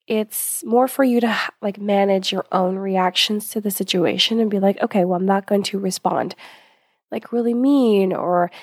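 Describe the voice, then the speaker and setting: A woman's voice: medium pitch, a little mellow, no room sound, clean studio sound. A young woman talking casually as a host giving advice, chatty with lots of fillers, a little short of breath. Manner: chatty, many fillers and asides.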